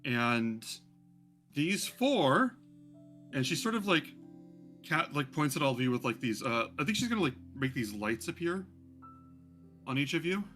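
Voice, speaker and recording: A man narrating as game master of a fantasy tabletop game, relaxed and halting with many fillers. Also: a little high, faint music behind. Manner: relaxed, many ums and uhs.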